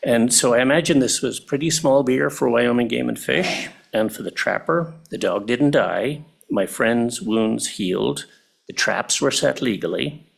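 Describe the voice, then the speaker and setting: A man's voice: medium pitch, creaky, husky. An older man with an Irish accent, testifying before a committee with a plain personal account and a dry, understated tone. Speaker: public testifier.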